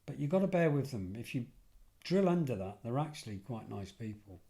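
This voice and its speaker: A middle-aged English man, a podcast guest, telling lively anecdotes in a casual conversational way and often correcting himself mid-sentence. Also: medium pitch, a little fast, vocal fry. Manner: animated anecdotal storyteller, self-correcting. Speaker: podcast guest, former detective and security head. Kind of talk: casual storytelling.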